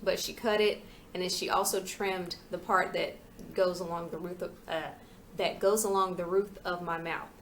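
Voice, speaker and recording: A young woman in a home vlog with a somewhat low voice, talking freely and venting with frank asides, her words a little mushy from a retainer. There is a faint hiss of background noise, as from a camera mic in a living room. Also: steady tone, normal speed. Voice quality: slightly slurred speech from a retainer. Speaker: vlogger. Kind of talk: casual chat vlog.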